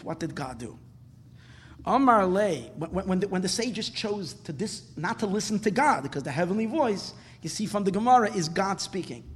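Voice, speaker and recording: A man with a notably high voice leads a Talmud class. He tells the story with animation and weaves Hebrew-Aramaic quotes into his English. His voice carries a long reverb tail. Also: fairly bright tone, husky. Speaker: Talmud teacher.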